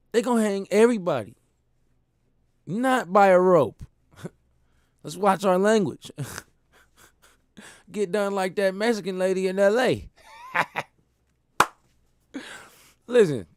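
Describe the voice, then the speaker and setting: Animated storytelling man, dry sound. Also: high-pitched, a little slow, pauses often, no echo. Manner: animated storytelling with laughs and slang. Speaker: host. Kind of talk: casual monologue.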